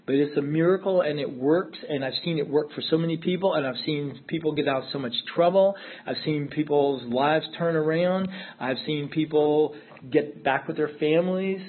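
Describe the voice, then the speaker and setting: A man giving an earnest personal testimony at a recovery meeting, repeating himself for emphasis. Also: on the high side. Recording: tinny phone-like audio.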